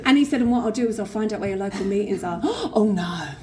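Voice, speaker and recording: A woman with a London accent telling her recovery story at a convention, blunt, swearing and animated. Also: medium pitch, racing, crowd noise. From England. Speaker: recovery speaker. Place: convention hall stage. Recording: faint room noise at a convention.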